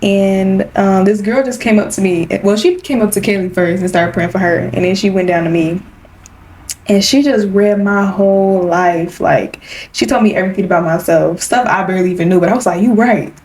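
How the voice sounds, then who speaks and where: A woman's voice: mid-range voice, brisk. Young woman telling a casual story. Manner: relaxed storytelling, many "like"s, laughs often. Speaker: podcast co-host. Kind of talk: casual chat.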